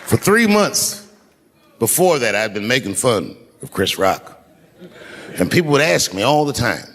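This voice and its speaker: A man doing stand-up storytelling on stage into a handheld microphone, swinging from hushed asides to shouted punchlines. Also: mid-range voice, sing-song, unhurried, big-room sound, some chatter behind. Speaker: stand-up comedian. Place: live show on stage before a large audience.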